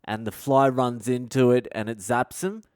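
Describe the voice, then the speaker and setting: A man's voice: mid-range voice, steady tone, moderate pace, clean tone, dry recording, clean studio sound, natural voice. A man voicing a polite male Indian filmmaker with an Indian accent, explaining things patiently over the phone.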